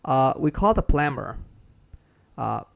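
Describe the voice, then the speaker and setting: A man's voice: fairly high pitch, lively intonation, slow pace, vocal fry. A man with a Burmese accent giving a casual spoken English lesson, repeating and restarting phrases and drilling words for listeners to copy. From Myanmar. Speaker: English teacher.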